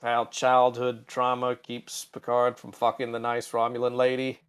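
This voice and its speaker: A man's voice: mid-range voice, completely flat delivery, normal speed, smooth, no room sound, studio quality. Blunt, profane middle-aged male co-host. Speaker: podcast co-host. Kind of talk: casual live-stream chat.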